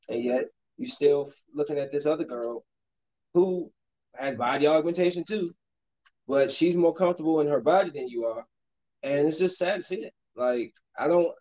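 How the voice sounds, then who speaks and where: A man in his thirties talks casually while he plays a basketball video game. His voice sits a touch high, and his rambling chat keeps breaking into sharp outbursts at the game. The lo-fi recording sounds dull. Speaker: streamer and father.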